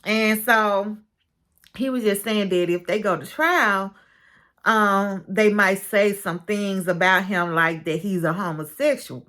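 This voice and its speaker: A woman casually recapping a show's episode, chatty and expressive, acting out what each person said. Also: medium pitch, takes it slowly. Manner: chatty and expressive, calls listener "baby"; retells scenes with quoted dialogue. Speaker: show recap reviewer.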